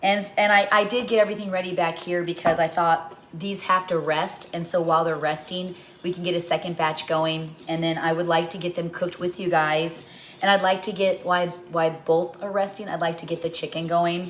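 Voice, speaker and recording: A woman's voice: fairly low pitch, flat delivery, moderate pace, fairly bright tone, a little hiss or hum. A middle-aged woman hosting a home cooking livestream, rambling through stories while she talks viewers through a recipe.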